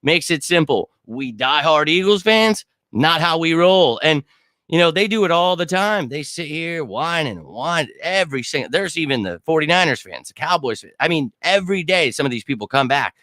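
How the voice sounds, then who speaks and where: A man's voice: fairly high pitch, animated, normal speed, bright, forceful tone, no room sound. A man in his thirties hosting a fan show, ranting in a brash, heated, profane way and talking straight to his viewers. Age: 30s. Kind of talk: livestream rant.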